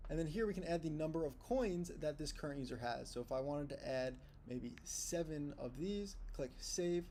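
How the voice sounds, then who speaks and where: A man presenting a steady, explanatory walkthrough of an app's features. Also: fairly high pitch, normal speed, slight background noise. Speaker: tutorial presenter. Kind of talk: screen-recorded app walkthrough.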